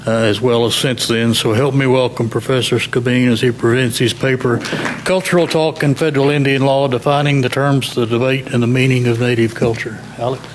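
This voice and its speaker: A panel moderator introducing a speaker at a conference, reading with many hesitations. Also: male voice, medium pitch, a little fast, few pauses, noisy background. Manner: flat, reading, with many uhs. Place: conference hall.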